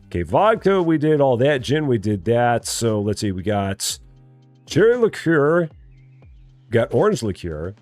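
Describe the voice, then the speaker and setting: Casual live commentary comes from a middle-aged man playing a store simulator, chatting to himself while stocking shelves and reading viewer messages aloud to answer them. His mid-range, slightly mellow voice keeps a measured pace, with no room sound and faint music behind.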